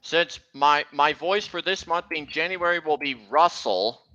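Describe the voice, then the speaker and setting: A man chatting on a livestream, rambling and halting, often correcting himself mid-sentence. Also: fairly high pitch, sharp tone. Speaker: streamer. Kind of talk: casual livestream chat. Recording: dull lo-fi audio.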